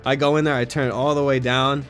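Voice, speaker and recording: A man's voice: mid-range voice, flat delivery, fast talker, fairly bright tone, soft background music. A man telling a rambling, crude personal story in a loose comedic manner with frequent swearing. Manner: breaks into laughter while telling a story, swearing.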